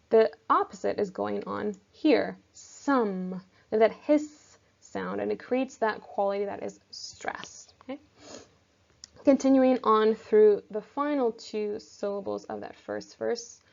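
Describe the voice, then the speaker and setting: A woman teacher walks through a recorded lesson, patient and step by step. Her voice carries a gravelly, creaky texture at an ordinary middle pitch. The recording sounds a little dull and lo-fi.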